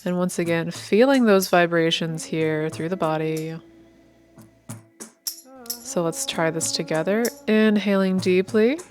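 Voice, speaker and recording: A woman leading a guided meditation, giving calm, unhurried, inviting instructions over soft instrumental music. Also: fairly low pitch.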